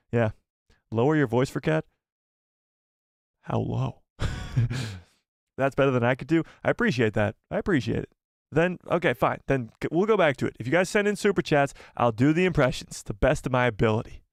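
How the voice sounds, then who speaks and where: A man hosting a casual live stream, animated and self-deprecating, who laughs often. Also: medium pitch, fairly quick, no room sound, clean studio sound. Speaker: livestream host.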